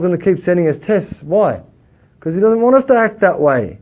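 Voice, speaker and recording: A man with an Australian accent teaching a religious lesson, lively and full of rhetorical questions, rising loud then dropping quiet. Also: high-pitched, moderate pace. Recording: dull lo-fi recording.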